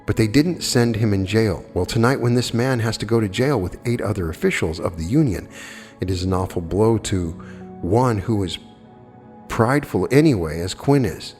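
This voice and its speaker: The faint music and long hall reverb mark this as an old archived lecture, where a man argues plainly using rhetorical questions and fields questions from listeners. He speaks at a normal speed in a fairly low, expressive voice with a darkish tone.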